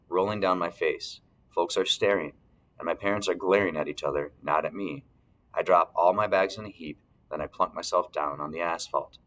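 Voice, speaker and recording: A man reading a first-person novel aloud as narrator, steady, clearing his throat now and then. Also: deep voice, a little hiss or hum, rough recording. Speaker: audiobook narrator.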